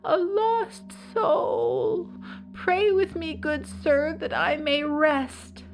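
Wailing lost soul in mist, high and slow, read by a woman; storybook ghost. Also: soft background music. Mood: pleading. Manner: high, slow, drawn-out wail.

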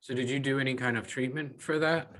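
Guy hosting a podcast, regular middle voice, candid and laid back, thinking out loud. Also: medium pitch, fairly even intonation, a little fast. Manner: reflective, candid, casual. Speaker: podcast host. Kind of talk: conversational interview.

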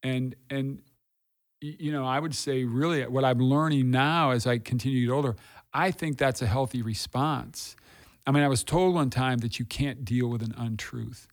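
A man's voice: medium pitch, moderate pace. A middle-aged man, a pastor, talking candidly and earnestly about his faith and hard times, repeating phrases for emphasis. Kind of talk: candid conversational testimony.

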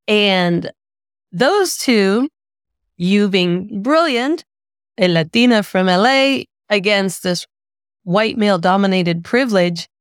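A woman hosting an interview, asking questions in a deliberate, empathetic way. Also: mid-range voice, clean tone, dry recording, studio quality. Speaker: podcast host.

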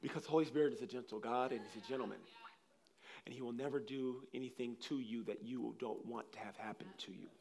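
A man preaching a sermon, telling personal stories in a rambling, animated way, with frequent restarts. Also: mid-range voice, quick pace. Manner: animated, acts out scenes with loud laughter and shouts; rambling, restarts sentences often.

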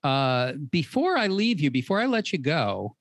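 A woman hosting a talk show, earnest and encouraging, with some halting restarts. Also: low-pitched, sing-song, no room sound. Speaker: host.

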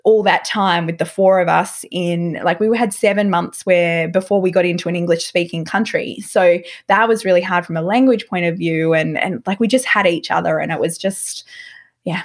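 A woman's voice: lowish voice, normal speed. A woman guest on a podcast, telling a story casually and animatedly, filling her speech with "like". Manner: animated, filler-heavy with frequent "like".

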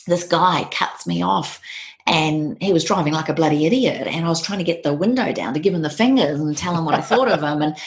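Low-voiced woman with a gravelly edge, middle-aged, earnest reflective author chatting in an interview. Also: brisk. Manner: earnest, reflective, repeats favourite sayings. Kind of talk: conversational interview storytelling.

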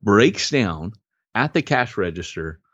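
Animated low-voiced man telling a story. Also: slow, slightly rough, no room sound, highs cut off. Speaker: podcast co-host. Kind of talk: casual storytelling chat.

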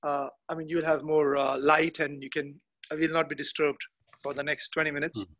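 A man chatting as a podcast guest from a garden outdoors, halting and often restarting as he searches for words. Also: a little high, level tone, fairly bright tone. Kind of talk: casual interview chat.

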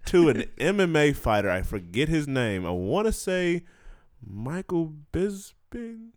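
Joking man with a smooth, dry voice. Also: a little high, very animated, unhurried, a little mellow, no echo. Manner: joking, laughs often between lines. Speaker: podcast host. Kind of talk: casual chat.

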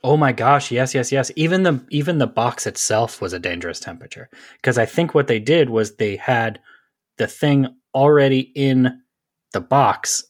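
A man's voice: mid-range voice, lively intonation, moderate pace, no echo, studio quality. A man co-hosting a comedy podcast, rambling and self-mocking in casual chat. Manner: rambling, self-mocking, acts out angry customers. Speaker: podcast co-host.

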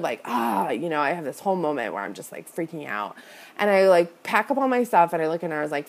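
A woman with a fairly low voice that rises and falls a great deal tells a personal story as a podcast host. Her talk is casual and chatty, packed with "like" and "you know". She speaks to her listeners directly, in a confessional tone. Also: very animated, quick pace, a little mellow. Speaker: podcast host and business coach.

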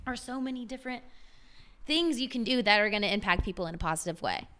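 Bright, upbeat woman in her twenties. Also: mid-range voice, animated, fast talker. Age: 20s. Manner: enthusiastic, filler-heavy, uses slang. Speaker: fitness trainer guest. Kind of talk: casual podcast chat.

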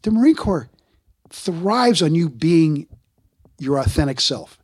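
A man in his sixties, a guest in an interview, telling stories in a casual, animated way and acting out the voices he quotes. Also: fairly high pitch, slow pace, husky. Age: 60s.

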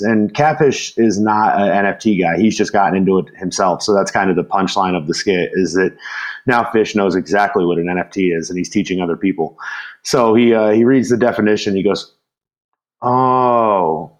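A man's voice: fairly low pitch, poor audio. A man hosting a podcast in casual chat, telling rambling stories with many restarts and chuckles. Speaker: podcast host.

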